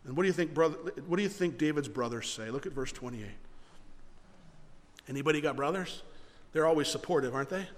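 A pastor delivers an animated sermon in a high, bright-edged voice, stumbling over repeated words as he drives ahead. The sound carries a long church-hall echo. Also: brisk.

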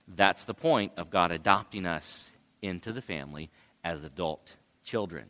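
A man preaching a sermon as pastor, unhurried, with passages that swell into loud cries. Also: low-pitched. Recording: long hall reverb.

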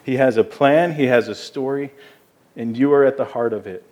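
A man's voice: mid-range voice, moderate pace, a little mellow. Male pastor, mid-range voice, delivering an earnest, emphatic sermon. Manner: earnest, emphatic preaching with repeated words.

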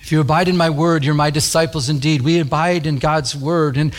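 A pastor delivers a storytelling sermon, earnest and conversational, growing animated as the story unfolds. His voice sits a bit higher than most men's, and he speaks fairly quickly.

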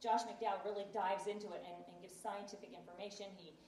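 A woman's voice: medium pitch, steady tone, fast talker, a little mellow, reverberant, recorded from a distance, a little hiss or hum, poor audio. A woman casually telling a personal story, chatty and acting out what others said. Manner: chatty, acts out quoted voices. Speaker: guest telling her faith story.

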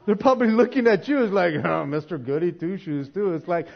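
Animated preacher, lo-fi recording. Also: male voice, high-pitched, a little fast, creaky, few pauses. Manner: conversational, laughs often, swings from quiet to emphatic. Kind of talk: casual sermon.

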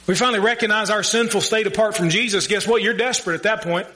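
A man preaching a sermon, earnest and conversational, with emphatic pauses and direct questions to the congregation. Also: sits high, steady tone, bright, forceful tone, low-quality recording. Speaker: pastor.

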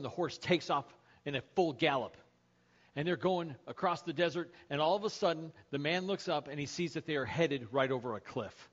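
A man's voice: a little high, moderate pace. A male pastor giving a sermon, opening with a told joke and acting out the lines of the characters. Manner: storytelling, acts out shouts in the joke. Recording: lo-fi sermon podcast audio.

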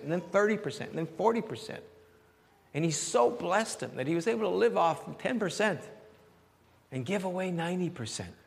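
A man pastor giving a conversational sermon with questions and answers, animated and repeating phrases as he searches for words. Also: high voice, creaky, in a large hall.

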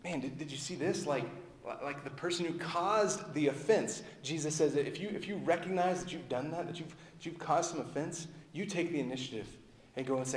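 Guy preaching a sermon, chatty, trails off quiet at the ends, big echoey church hall. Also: fairly quick, a little hiss or hum. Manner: conversational preaching, dropping low and soft at phrase ends. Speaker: pastor. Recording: echoey hall with long reverb.

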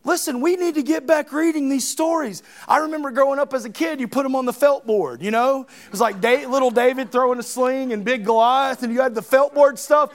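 Middle-aged male preacher with a very high voice, dramatic sermon delivery, voices Bible figures. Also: a little fast, few pauses. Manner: animated, dramatic, acts out Bible characters.

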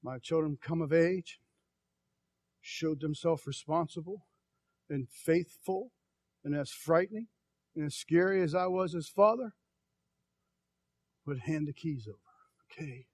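A middle-aged male pastor preaching a sermon in a folksy, storytelling way, moving from soft, slow, hushed passages to loud, emphatic calls. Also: on the high side, dry recording. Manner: folksy, tells personal stories.

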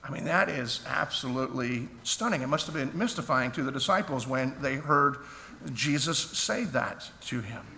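A man's voice: medium pitch, expressive, moderate pace, gravelly, bright, forceful tone. A man pastor preaching a sermon in a church, earnest and conversational, often restarting his sentences. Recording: echoey hall, faint background noise.

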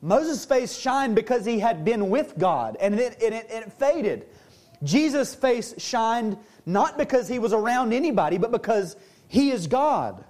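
A man preaching a sermon, earnest, slowing down and dropping his voice low to stress key lines. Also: lively intonation, a little mellow. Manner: earnest preaching, slows and drops low for emphasis. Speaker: pastor.

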